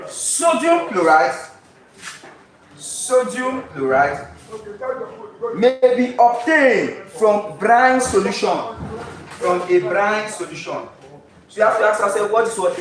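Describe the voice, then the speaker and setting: A man tutoring chemistry for an exam, asking "what?" and having listeners fill in the key words. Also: sits high. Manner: drills students with repeated call-and-response questions. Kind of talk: exam-prep lesson. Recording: very echoey room, voice far from mic, faint noise.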